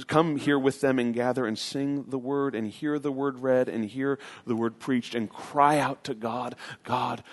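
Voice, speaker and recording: Earnest man preaching a sermon. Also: mid-range voice. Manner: earnest, emphatic preaching with repetitions. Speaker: pastor.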